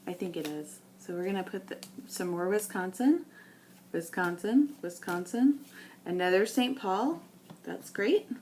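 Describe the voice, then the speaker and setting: A woman's voice: mid-range voice, animated, darkish tone. Woman from new england chatting to herself over old photos, lots of ums, faint hiss behind. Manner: thinking aloud, unhurried, with many ums. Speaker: scrapbooking video maker. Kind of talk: casual talk while sorting photos.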